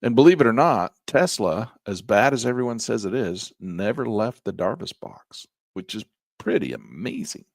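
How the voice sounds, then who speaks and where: A man teaching trading as he walks through a chart, in a folksy, animated way with slangy asides. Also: medium pitch, normal speed, gravelly, no echo, studio quality. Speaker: trading instructor. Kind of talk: chart-walkthrough lesson.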